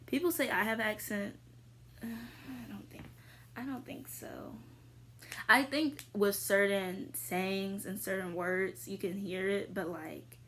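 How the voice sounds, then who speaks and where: A young woman chats casually to her viewers in a relaxed, unhurried way, her pitch sitting in an ordinary middle range. She leans on fillers as she rambles through her answers, now and then jumping into a sudden excited squeal. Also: slight background noise. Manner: chatty, filler-heavy, with sudden high squeals. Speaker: vlogger answering viewer questions. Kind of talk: casual chat.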